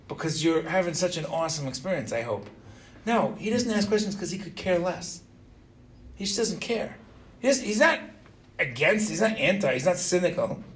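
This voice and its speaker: A middle-aged man teaching an informal religious lesson to students. He is animated, keeps quizzing the class and tags his points with "right?". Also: sits high, slight background noise.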